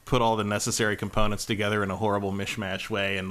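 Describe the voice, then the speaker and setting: Relaxed male co-host, lowish voice, loose and easygoing delivery. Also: fast. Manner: relaxed, rambling, many fillers. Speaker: podcast co-host. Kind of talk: casual gaming podcast chat.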